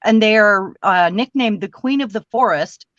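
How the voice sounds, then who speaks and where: A woman's voice: medium pitch, measured pace, a bit bright, no room sound. Chatty woman crafter, rambling livestream host, muffled lo-fi sound, dry. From Washington state. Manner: chatty, rambling, laughs often. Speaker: card-making livestream host. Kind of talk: casual chat while crafting.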